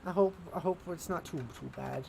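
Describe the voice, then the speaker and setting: A playful man streaming a game, chatting and laughing as he plays. He reads the in-game text aloud haltingly. His voice sits a touch high over a faint hiss. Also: vocal fry. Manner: playful, laughs often, halting when reading. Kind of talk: casual gameplay chat and reading aloud.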